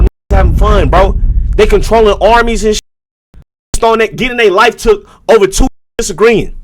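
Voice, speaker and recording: A man's voice: sits high, slight background noise. A man streamer reacting live to videos, talking in a loose, slangy and profane way with frequent asides to his viewers.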